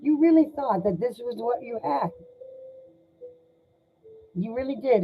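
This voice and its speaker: A woman doing a live tarot reading, speaking in an emotional, sympathetic and halting way. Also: a little high, animated, slight background noise. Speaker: tarot reader. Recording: dull lo-fi sound.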